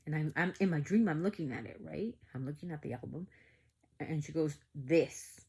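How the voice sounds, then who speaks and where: Brief: woman vlogger with a low voice, chatty animated storyteller, lots of fillers. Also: moderate pace, breathy edge. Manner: animated, acts out quoted dialogue, many "like" fillers. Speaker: family vlogger telling a story. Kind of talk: casual storytelling to viewers.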